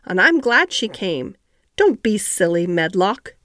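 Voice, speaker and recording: A woman reading the part of a sickly, imperious ten-year-old boy in a soft, commanding voice. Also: medium pitch, very animated, a little slow, no room sound, clean studio sound.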